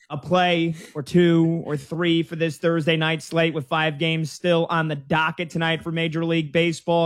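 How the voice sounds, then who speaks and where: A man with a fairly high voice hosts a sports betting radio show. He plugs his guest in a breezy, joking way. The sound is dry and close to the mic. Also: no echo. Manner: breezy, jokey plugging and questions.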